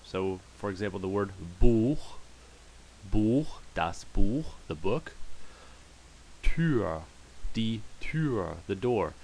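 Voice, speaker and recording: Man, very low voice, slow and patient, German pronunciation lesson, faint hiss. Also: animated, a little mellow. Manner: slow, patient, repeats words for practice. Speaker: German teacher. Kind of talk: screen-share language lesson.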